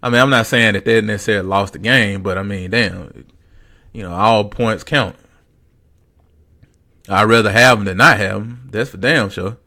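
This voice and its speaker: A man's voice: fairly low pitch, normal speed, long pauses, bright, forceful tone. A man hosting a podcast, talking sports in a casual, rambling way with lots of fillers and repeated phrases. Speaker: podcast host.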